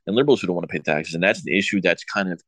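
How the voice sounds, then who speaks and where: A very deep-voiced man co-hosting a political talk show, arguing his case in stops and starts and padding his sentences with fillers and repeated words. The sound is dry and close. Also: lively intonation, rapid-fire, fairly bright tone, no room sound. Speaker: show co-host.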